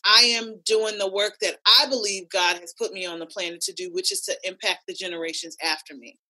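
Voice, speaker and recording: A woman hosting a podcast, telling animated, profane stories in casual chat. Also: lowish voice, brisk, low-quality recording. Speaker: podcast host; cheerleading coach.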